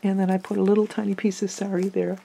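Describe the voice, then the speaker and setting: A woman hosting a craft video, talking softly and fondly through a flip-through while losing her voice. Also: mid-range voice, flat delivery, quick pace, vocal fry, slight background noise. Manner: soft-spoken, fond, often drops to a near whisper. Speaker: crafting channel host. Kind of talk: casual journal flip-through.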